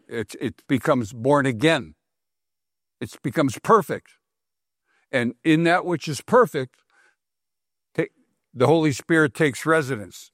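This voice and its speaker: A man's voice: a little high, no room sound, clean studio sound. A man preaching a sermon to his congregation, repeating phrases for emphasis and putting questions to the listeners. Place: congregation hall.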